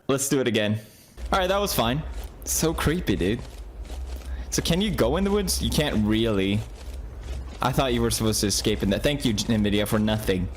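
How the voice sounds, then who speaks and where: A man in his thirties playing a horror game on video, joking along and jumping into high yelps whenever he gets scared. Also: a little hiss or hum. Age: 30s. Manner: jumpy, jokey, bursts into high yelps when scared. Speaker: gaming video host. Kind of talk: horror game play commentary.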